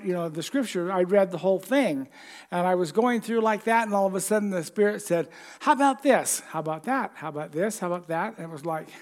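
A man preaching a conversational sermon, telling stories and reading scripture slowly. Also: sits high.

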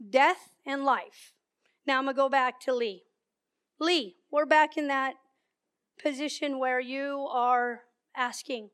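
Woman preacher, high voice, storytelling sermon with emphatic repetition. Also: steady tone, takes it slowly, a bit bright.

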